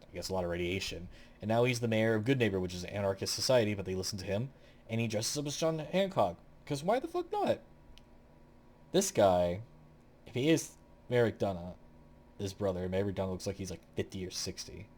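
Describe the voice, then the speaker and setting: Young adult male host, low-ish voice with animated pitch, rambling and opinionated, casual gaming chat. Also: brisk. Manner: rambling, blunt and opinionated, swears freely. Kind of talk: casual tier-list commentary.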